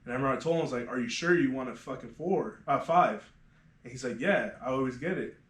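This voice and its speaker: A man who works as a barber, telling shop stories on a casual podcast in a profane, animated way and calling everyone "fool". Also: medium pitch, fast talker. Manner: profane, animated storyteller, says "fool" constantly. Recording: echoey room.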